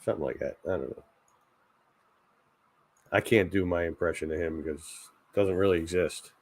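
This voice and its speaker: A man's voice: sits low, moderate pace. A man hosting a casual late-night chat stream, rambling and joking, often laughing at his own ideas. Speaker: channel host.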